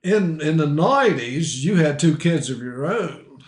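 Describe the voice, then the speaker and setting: Male podcast host, slightly high voice, chatty, quick to laugh, roomy echoey sound. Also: animated. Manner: chatty, laughs often, leading questions. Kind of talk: casual interview chat. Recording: roomy echo.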